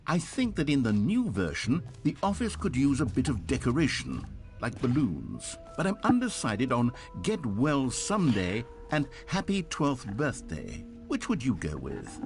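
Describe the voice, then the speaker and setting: A man's voice: mid-range voice, wildly swooping pitch, measured pace, a little mellow, faint music behind. A man voicing a wry adult male video game narrator who talks in a dry, mock-sincere, teasing way.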